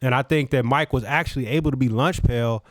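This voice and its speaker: A man's voice: medium pitch, fairly quick, dry recording, studio quality. A middle-aged man co-hosting a podcast, joking and arguing his side in playful sports banter. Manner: playful, joking, animated interjections. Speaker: podcast co-host.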